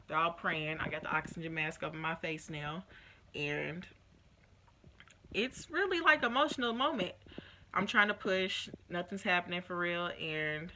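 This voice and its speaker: A woman's voice: fairly low pitch, measured pace, slight background noise. A young woman vlogger telling a personal story in a casual, emotional way, acting out what others said. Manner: emotional, animated retelling with quoted voices.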